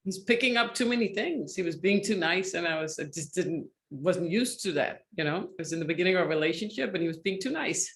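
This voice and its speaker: A woman's voice: fairly low pitch, expressive, a little fast, hardly any pauses. A woman hosting an interview show who chimes in briefly, agrees, and jokes. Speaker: show host. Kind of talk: conversational interview.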